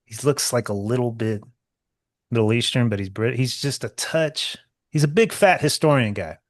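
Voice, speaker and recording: A man's voice: mid-range voice, normal speed, no echo, studio quality. A man with a slight Southern drawl, co-hosting a podcast in a rambling, emphatic way with frequent swearing. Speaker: podcast co-host. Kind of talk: casual podcast banter.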